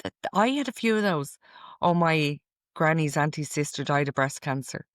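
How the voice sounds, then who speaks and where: A woman's voice: low voice, animated, moderate pace, no echo, clean studio sound. A middle-aged woman hosting a casual podcast, reading out quotes from a list in a chatty, amused way. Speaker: podcast host.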